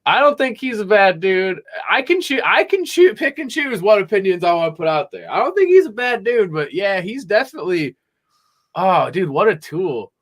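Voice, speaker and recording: A young man hosts a podcast from his home music room, talking in a slightly high voice. He rambles excitedly and swears freely in casual chat. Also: normal speed. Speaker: podcast host.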